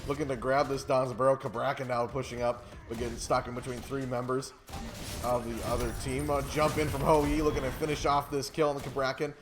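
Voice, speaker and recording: A man's voice: mid-range voice, little pitch movement. A man casting an esports match, calling the play-by-play and bantering with his co-caster. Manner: quick play-by-play, jokey banter. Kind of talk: play-by-play game commentary. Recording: clear background noise.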